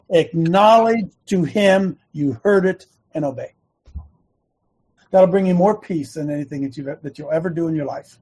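A man's voice: high voice, normal speed, a little mellow, breathy edge. A man, known as coach, giving an earnest and emphatic sermon-style devotional talk and repeating his key lines.

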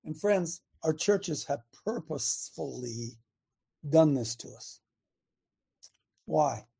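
A man hosting a radio talk show, preaching in an emphatic way with rhetorical questions and drawn-out key words. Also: fairly high pitch, lively intonation, creaky, mellow, slightly rough.

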